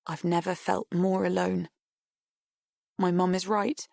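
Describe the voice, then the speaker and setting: A woman giving an expressive, first-person audiobook narration. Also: fairly low pitch, slow, creaky, pauses often, dry recording, studio quality.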